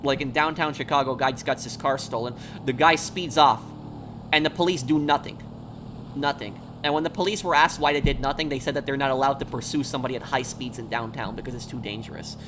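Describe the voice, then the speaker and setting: A man's voice: mid-range voice, fairly even intonation, fast talker, noisy background. A man chatting casually on a gaming live stream, telling rambling stories and answering viewers' questions. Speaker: game streamer.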